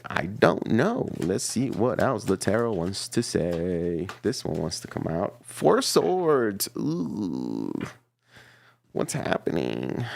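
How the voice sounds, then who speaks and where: A man giving a casual, playful tarot reading to his viewers, chatty and quick to laugh. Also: lowish voice, gravelly, darkish tone, a little hiss or hum. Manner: chatty and playful, laughs often, repeats himself. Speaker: tarot reader.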